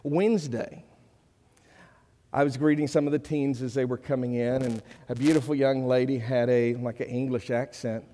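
Male pastor, middle-aged, earnest conversational sermon, mellow tone, reverberant sanctuary. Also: medium pitch, fairly even intonation, moderate pace, slight background noise. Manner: earnest, conversational preaching with rising emphasis. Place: church sanctuary. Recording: long reverb of a church hall.

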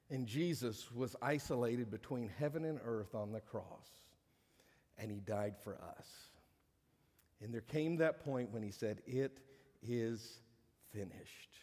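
A man's voice: mid-range voice, a little slow, long pauses. Man preaching in an echoing hall. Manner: preaching with swelling emphasis and hushed drops. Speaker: pastor. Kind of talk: sermon. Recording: long reverb of a large hall.

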